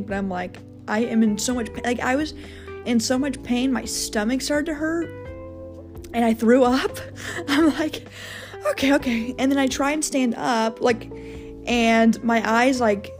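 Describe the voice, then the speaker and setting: Casual young female host, high-ish voice, rambly and profane, light music bed. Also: darkish tone. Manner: rambling, frequent fillers and swearing. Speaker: podcast host. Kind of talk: casual storytelling monologue.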